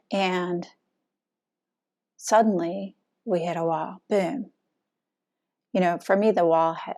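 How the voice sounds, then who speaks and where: A woman Zen teacher giving a dharma talk, speaking gently and softly, with many pauses, often sinking toward a breathy near-whisper. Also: mid-range voice. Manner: slow, gentle, soft-spoken with frequent pauses.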